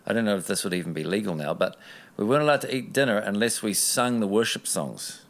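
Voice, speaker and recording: A man's voice: fairly low pitch, lively intonation, quick pace. A man, an interview guest telling a personal story in an earnest, rambling way with many restarts.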